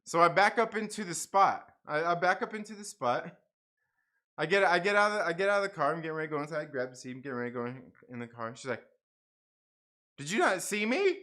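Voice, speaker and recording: A channel host on a livestream tells a rambling story in a casual, repetitive way, with mild swearing, animatedly acting out the voices of the people in it. His voice is a little high and fast.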